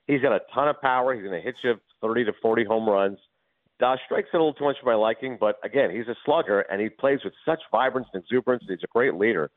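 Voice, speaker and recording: A man calling into a sports radio show as a guest, chatting fast and animatedly about baseball and movies. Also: medium pitch, no echo. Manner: fast, animated, does impressions. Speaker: guest commentator. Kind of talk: casual sports radio chat. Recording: tinny phone-line sound.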